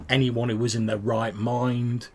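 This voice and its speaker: A man's voice: medium pitch, level tone, measured pace, darkish tone, a little hiss or hum. A man narrating a tabletop game as game master, rambling with many fillers.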